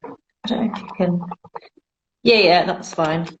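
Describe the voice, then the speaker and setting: A woman's voice: lowish voice, unhurried, highs cut off, slight background noise. A woman dancer joining a casual live-stream chat as a guest, easygoing in her replies.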